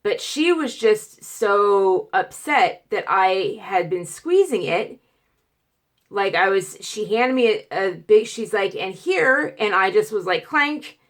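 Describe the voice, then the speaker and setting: A woman's voice: medium pitch, takes it slowly. Chatty woman retelling a hard story. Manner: animated, acts out quotes, grows loud and emotional; stutters and restarts. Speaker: vlogger. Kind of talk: casual storytelling vlog.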